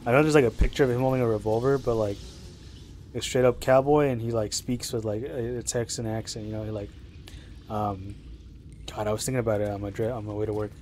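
A young man streaming live, rambling chattily about his game with excitable reactions. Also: on the low side, quick pace, slight background noise. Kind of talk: live gameplay commentary.

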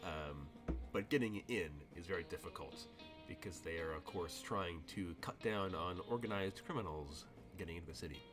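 A man's voice: sits low, moderate pace, over music. A man narrating as game master, rambling and laughing often, thinking aloud as he goes.

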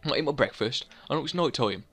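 A man's voice: mid-range voice, animated, fast talker, fairly bright tone, faint music behind. A young man casually commentating his gameplay, rambling and joking at his own expense. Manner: rambling, self-mocking, chatty, laughs at own jokes. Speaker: let's play host.

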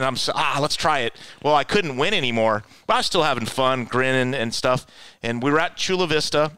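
A man, a guest on a talk show, telling stories in a casual, animated way and acting out the voices of people he quotes. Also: mid-range voice, brisk, clean tone, no room sound. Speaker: guest, offroad racer. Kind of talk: casual storytelling.

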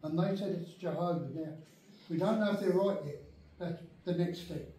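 High-voiced man teaching in a very echoey room. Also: moderate pace, mellow. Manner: emphatic, keeps checking that listeners follow. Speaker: Bible study teacher. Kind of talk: teaching an adult Bible class. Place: church meeting room. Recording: very echoey room, speaker far from mic.

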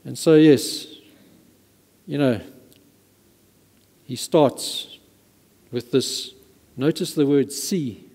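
A male pastor's sermon echoes with long reverb in a church hall. His voice is warm, mellow, on the high side, and animated, and he speaks very slowly with frequent pauses, stressing points emphatically and repeating words to drive them home.

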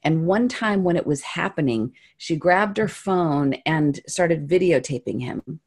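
A woman's voice: deep voice, animated, a little slow, darkish tone, husky. A woman hosting an interview podcast, curious and chatty, often trailing off and restarting her sentences. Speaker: podcast host. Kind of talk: conversational interview.

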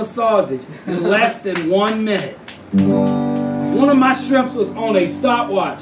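A man telling a profane tall tale live, in a drawling deadpan manner broken by sudden yelps. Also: high-pitched, takes it slowly, far from the mic. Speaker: storyteller. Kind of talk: live spoken-word storytelling over guitar. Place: live venue. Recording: roomy live recording from off mic. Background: plucked guitar music.

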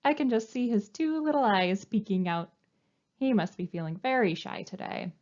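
A woman librarian reading a picture book aloud to young children, with an animated, coaxing sing-song delivery. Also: mid-range voice, normal speed, lo-fi sound. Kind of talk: storytime read-aloud.

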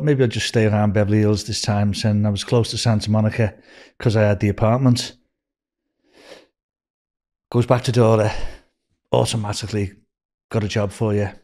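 A man's voice: lowish voice, a little mellow. An older man with a Scouse accent from Liverpool, a guest telling rambling anecdotes and acting out what people said. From Liverpool, England. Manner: rambling anecdotes, acting out quoted dialogue, frequent "you know". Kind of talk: casual storytelling interview.

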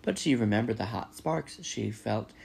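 A man's voice: lowish voice, normal speed, gravelly, a little hiss or hum. A man reading a children's novel aloud, narrating steadily. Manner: steady storytelling. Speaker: reader.

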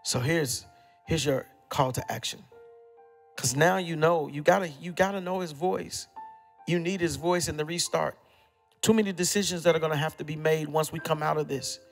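A high-pitched male pastor with a gravelly edge preaches emphatically, leaning on repetition and sudden hushes. His voice rings out in a long-reverb hall with soft music underneath. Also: steady tone, normal speed. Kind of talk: sermon.

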